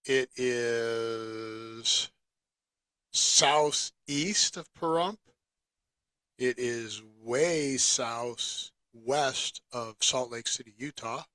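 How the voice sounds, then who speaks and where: A man's voice: medium pitch, extremely slow, pushed and bright, no room sound. A man co-hosting a casual podcast chat, joking around and pressing his co-host with teasing questions.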